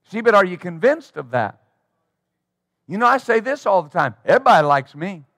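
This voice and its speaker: A man's voice: sits high, sing-song, a little fast, a bit bright, no echo, studio quality. A man preaching a sermon as pastor, emphatic and rhythmic, drawing call-and-response from his congregation.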